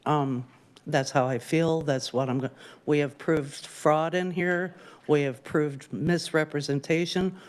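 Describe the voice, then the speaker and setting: A woman testifying before lawmakers as a bereaved parent, grieving and angry, hitting her words slowly and with weight. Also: deep voice, fairly even intonation, a little mellow. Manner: grieving and angry, slow emphatic stresses. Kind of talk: public testimony.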